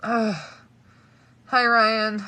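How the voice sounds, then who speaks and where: A woman's voice: mid-range voice, very slow, pushed and bright. A young woman livestreaming casually to her viewers, shaky and in pain, laughing nervously and swearing through it. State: trembling, in pain.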